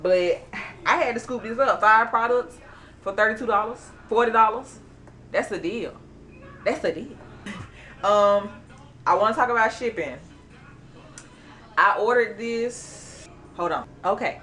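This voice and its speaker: A woman's voice: on the high side, a little slow, pauses often. Woman chatting through an unboxing, bubbly and talky, some faint hiss behind her. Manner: chatty, animated, excited squeals and laughs. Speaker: beauty vlogger. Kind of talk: casual unboxing chat.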